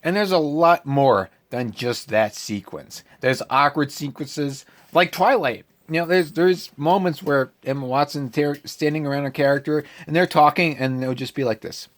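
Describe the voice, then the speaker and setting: A man giving a casual vlog movie review, ranting with animated exasperation. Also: on the high side, normal speed, hardly any pauses.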